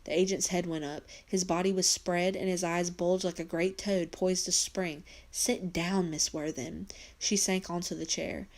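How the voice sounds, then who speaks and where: Teacher reading a novel aloud. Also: female voice, lowish voice, flat delivery, moderate pace, few pauses, darkish tone. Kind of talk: audiobook reading for students.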